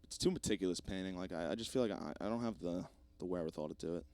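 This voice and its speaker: This podcast host is a young man whose voice sits low and races along, recorded with no echo. Flying solo, he rambles through self-deprecating jokes and lots of cursing, jumping between loud bursts and muttered side comments.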